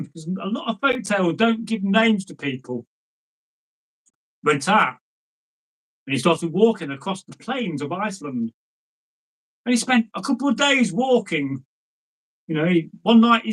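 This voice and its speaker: Male folk-tale teller, fairly high voice, rambling and conversational. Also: poor audio. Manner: chatty, rambling, frequent "you know" asides to listeners. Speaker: storyteller. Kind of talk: oral folk tale storytelling.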